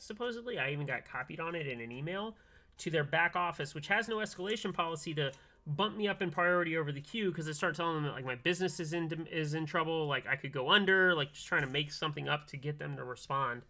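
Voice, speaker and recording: Bright-voiced man telling a story on stream. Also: fairly high pitch, fast. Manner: animated storytelling, acts out both sides of calls. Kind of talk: casual stream chat. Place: home workbench, soldering keyboards.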